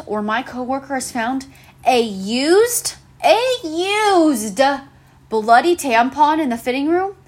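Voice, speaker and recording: Sarcastic, swearing young woman ranting. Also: sits high. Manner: exasperated, profane, sarcastic ranting. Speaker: podcast host. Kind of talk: solo ranting podcast.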